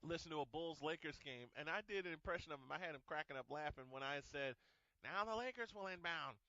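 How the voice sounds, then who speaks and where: Loud laughing sports radio guy, swears a lot, tight bright voice, dry dull sound. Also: a little high, quick pace, no room sound. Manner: boisterous, laughs often, swears freely. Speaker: sports talk show host. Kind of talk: casual sports radio chat.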